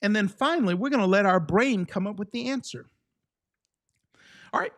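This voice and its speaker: A man's voice: high voice, lively intonation, moderate pace, a bit bright. A man coaching a live online exam-prep class, teaching steps and often checking in with the viewers.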